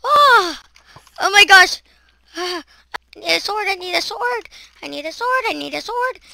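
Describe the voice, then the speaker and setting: A woman's voice: very high voice, animated, a little slow, vocal fry, bright, forceful tone, no room sound. A woman giving let's-play commentary as she plays, chattering to herself and breaking into shrieks and screams whenever monsters appear. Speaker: gaming channel host.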